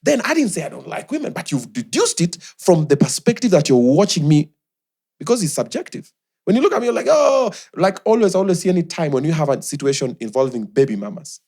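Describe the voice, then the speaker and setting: A man's voice: on the high side, sing-song, a little fast, mellow. A young man with a Kenyan accent, chatting animatedly as a podcast guest and mixing in Swahili slang. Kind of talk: casual chat.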